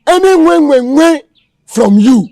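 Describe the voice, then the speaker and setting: A man's voice: very high-pitched, lively intonation, measured pace, no room sound, full character voice. An actor with a Nigerian Pidgin accent playing a menacing, taunting male kidnapper. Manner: threatening, taunting, shouting orders. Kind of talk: Nollywood film acting.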